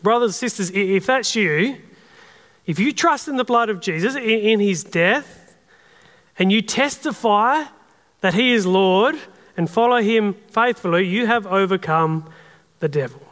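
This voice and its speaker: A man's voice: sits high, a little slow, fairly bright tone. A man with an Australian accent preaching a sermon in an earnest, conversational way. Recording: long hall reverb.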